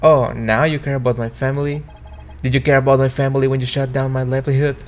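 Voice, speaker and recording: A man voicing a bitter, gruff middle-aged male innkeeper with angry, accusing outbursts while reading game dialogue aloud. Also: medium pitch, flat delivery, quick pace, lightly acted.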